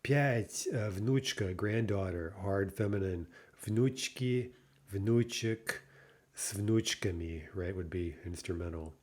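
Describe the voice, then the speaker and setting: A man teaching a recorded Russian language lesson, explaining patiently, pausing on "uh", and checking in with "right?". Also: lowish voice, a little mellow. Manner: thinks aloud with frequent "uh" pauses.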